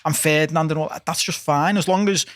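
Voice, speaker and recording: Fast-talking man. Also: on the high side, fairly even intonation, no room sound, studio quality. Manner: quick, chatty, storytelling. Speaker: podcast co-host. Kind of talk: casual chat.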